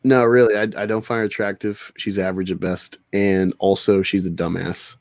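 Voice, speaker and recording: A blunt, opinionated man hosting a podcast in casual chat, ranting crudely. His voice sits somewhat low. The sound is dry and close to the mic. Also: little pitch movement, normal speed, no room sound. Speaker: podcast host.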